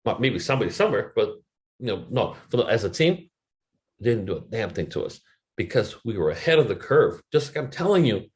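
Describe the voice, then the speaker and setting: A man's voice: lowish voice, big pitch swings, fairly quick. A middle-aged man giving a motivational webinar talk, telling a candid, emotional personal story with loose swearing. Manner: quotes others in changing voices, rises and falls in loudness.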